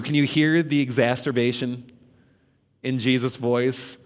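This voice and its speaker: A man giving a reflective devotional talk, reading scripture questions slowly and dramatically. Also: mid-range voice, fairly even intonation, long reverb tail. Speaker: preacher.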